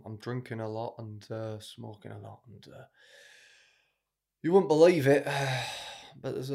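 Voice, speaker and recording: Man doing a gloomy northern baker, middle-aged, low quiet mumble, weary sighs. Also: lightly acted.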